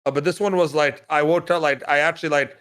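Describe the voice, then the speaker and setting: A man's voice: fairly high pitch, steady tone, quick pace, a bit bright. Rambling man in casual podcast chat. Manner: rambling, restarts, self-deprecating.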